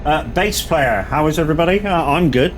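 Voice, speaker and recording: This streamer has a fairly high, fairly quick voice and a West Country English accent from Southwest England. On a casual live stream he relaxes, reads chat aloud and answers viewers, while a little hiss or hum runs in the background.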